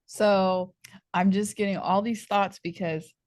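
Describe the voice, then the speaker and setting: A woman hosting a podcast, chatty and animated, laughing often as she talks. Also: mid-range voice, slow, no room sound, studio quality. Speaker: podcast host. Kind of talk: podcast interview.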